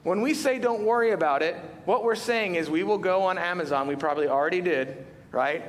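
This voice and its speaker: Male pastor, high voice, animated sermon storytelling with rhetorical questions, reverberant church hall. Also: a little fast. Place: church sanctuary. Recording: reverberant hall with faint rumble.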